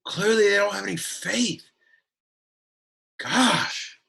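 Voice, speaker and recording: A man voicing a sullen, awkward teenage boy who gives a Latin lesson, deadpan, whiny and easily annoyed. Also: sits high, takes it slowly, gravelly, slightly rough, heavily acted. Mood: exasperated deadpan. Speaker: Latin teacher.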